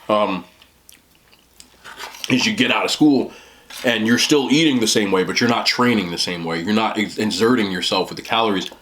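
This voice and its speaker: A man's voice: fairly low pitch, background noise. A young man who vlogs about eating, chatting casually as he eats on camera, often talking with a mouthful and rambling. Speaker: mukbang vlogger.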